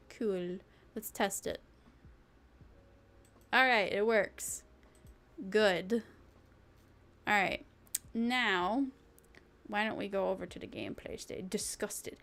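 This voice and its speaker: A woman's voice: medium pitch, steady tone, slow pace, gravelly, long pauses, a bit bright. A young woman streaming, chatting casually and playfully, rambling and breaking into silly sing-song. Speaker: vtuber streamer. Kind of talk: casual live-stream chat.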